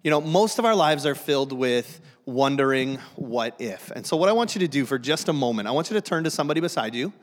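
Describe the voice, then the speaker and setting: A man's voice: medium pitch, animated, fast, few pauses, in a large hall. A man preaching a humorous sermon to a church, self-deprecating and joking, often restarting his sentences. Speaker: guest pastor. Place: church sanctuary.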